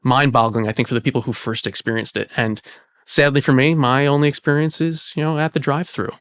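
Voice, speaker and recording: A man's voice: medium pitch, fast talker, dry recording. Dry-sounding man explaining at length. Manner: relaxed explainer with frequent "you know" fillers. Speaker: archivist and host. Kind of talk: explanatory conversation. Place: indoor archive space.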